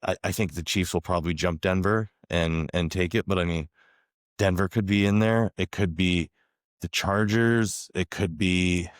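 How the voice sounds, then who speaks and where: A man co-hosting a sports podcast in casual chat, rambling and repeating himself in a smooth voice. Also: fairly even intonation, moderate pace, no room sound, clean studio sound. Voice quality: smooth, deep voice. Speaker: podcast co-host.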